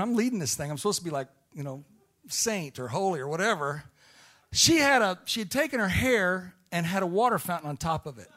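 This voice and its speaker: A man from Illinois preaching a sermon, telling a story that swings from hushed, quiet passages to loud shouting. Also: sits high. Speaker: missionary preacher.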